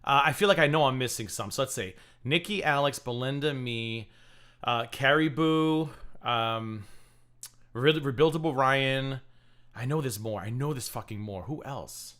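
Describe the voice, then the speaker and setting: A man's voice: medium pitch, measured pace, fairly bright tone. A man hosting a livestream, commenting in a profane, sarcastic rant. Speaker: livestream host.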